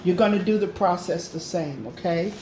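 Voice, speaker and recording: A woman's voice: fairly low pitch, normal speed, reverberant, background noise. A woman hosting a casual craft tutorial, talking in a chatty, repetitive way and often checking in with "okay?". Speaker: craft channel host.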